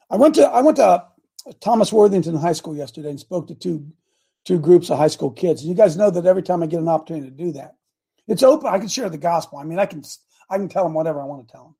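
Gravelly older male preacher. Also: high voice. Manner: impassioned, repetitive, bursts of loud emphasis. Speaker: pastor. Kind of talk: sermon.

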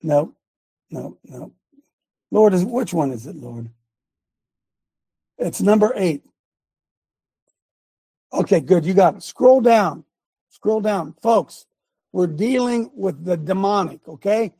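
A man with a high, gravelly voice hosts a live show and talks like a preacher, pressing every point hard. His tone has a husky edge. The sound is dry and close, with no room echo. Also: lively intonation, slow pace, long pauses, warm tone. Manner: emphatic, preacher-like, directs a producer aloud. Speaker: host.

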